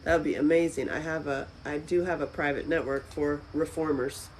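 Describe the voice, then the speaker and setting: A woman hosting a live stream from a friend's house, chatting casually with viewers, with loud exclamations and soft asides. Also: low voice, fairly even intonation, brisk, a little hiss or hum, low-quality recording.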